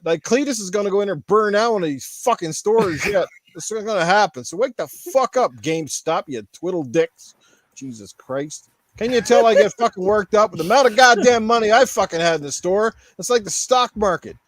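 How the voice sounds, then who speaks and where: Newfie guy cussing up a storm, kinda high voice, dead dry sound. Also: expressive, a little fast, a bit bright, dry recording. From Newfoundland, Canada. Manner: heated, swearing, mocks store clerks in put-on voices. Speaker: podcast host. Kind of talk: casual profane rant.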